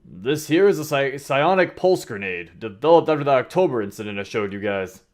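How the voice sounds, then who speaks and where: A man voicing a brisk, crude male soldier instructor who gives matter-of-fact briefings, read aloud from a game. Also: medium pitch, very animated, a little mellow, voice pushed up, natural voice. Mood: instructing.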